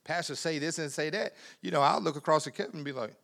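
A man preaching a sermon in a conversational way, repeating words, laughing often, and swinging from quiet asides to loud emphatic bursts. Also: on the high side, quick pace, gravelly.

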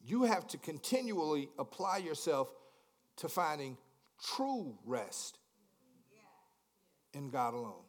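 A man preaching a sermon, repeating words in stammering restarts, asking the congregation questions and swinging from hushed lines to shouted climaxes. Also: on the high side, very animated, slow, long pauses. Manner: repetitive stammering restarts, call-and-response questions. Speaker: pastor.

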